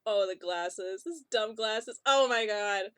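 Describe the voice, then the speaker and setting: Bright, giggly woman co-host. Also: medium pitch, takes it slowly, clear, resonant tone, no echo. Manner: giggly and excitable. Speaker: podcast co-host. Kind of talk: casual chat.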